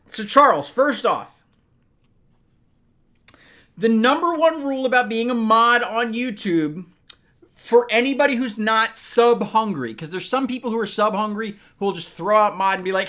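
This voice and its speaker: A man's voice: sits high, animated, moderate pace, bright, forceful tone. A man hosting a casual live stream, rambling as he talks to his viewers and moderators by name, a little loose from bourbon.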